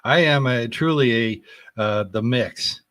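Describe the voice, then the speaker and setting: A man's voice: mid-range voice, takes it slowly, no echo. A man talking casually as a podcast guest, earnest and enthusiastic, rambling and searching for words with frequent restarts. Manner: earnest and enthusiastic, with loud bursts of laughter. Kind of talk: casual conversation.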